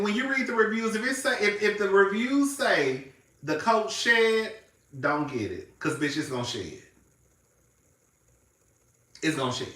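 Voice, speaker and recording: Bright-voiced man, chatty, in echoey room. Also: high-pitched, far from the mic. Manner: chatty, calls everyone girl, swears freely; swings between loud and quiet. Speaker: reality TV reviewer. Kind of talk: casual chat to camera.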